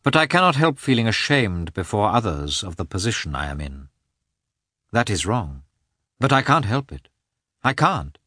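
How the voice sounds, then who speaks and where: A man voicing a humiliated, self-pitying official who speaks in a strained, high, shaky voice. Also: sing-song, normal speed, sharp tone, no room sound, clean studio sound, full character voice. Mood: anguished. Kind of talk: audiobook character voice.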